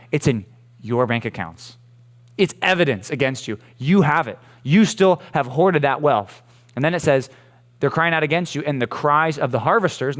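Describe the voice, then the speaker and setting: A man with an American accent preaching a casual, playful sermon to junior high students, often checking in with questions. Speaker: junior high youth pastor. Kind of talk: youth sermon.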